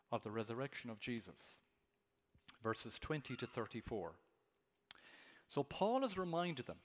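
A man's voice: mid-range voice, in a large hall. A man preaching an expository sermon, earnest and emphatic, lifting his voice on key words.

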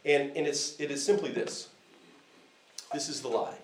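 A man with a mid-range voice and moderate pace delivers a conversational sermon as a visiting American preacher, telling a family story marked by fillers and restarts. The church hall recording is echoey, with slight background noise.

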